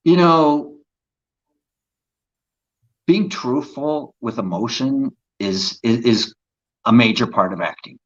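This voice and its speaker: Man, actor, interview guest, earnest storytelling, mid pitch, muffled lo-fi audio. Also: expressive, slow pace, pauses often. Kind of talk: casual interview chat.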